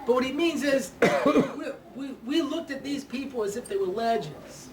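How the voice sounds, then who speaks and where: Chatty high-voiced man lecturing in an echoey room. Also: lively intonation, normal speed. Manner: chatty, checks in with "yeah?" and "you know"; laughs at his own jokes. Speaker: speaker giving a Torah talk. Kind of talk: lecture with anecdotes and jokes. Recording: echoey room, mic far off, faint noise.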